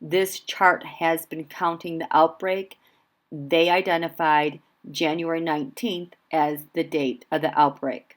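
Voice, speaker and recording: A woman giving a solo tarot reading in a deliberate, measured way. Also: deep voice, level tone. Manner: slow, deliberate delivery broken by fits of giggling. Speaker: tarot reader.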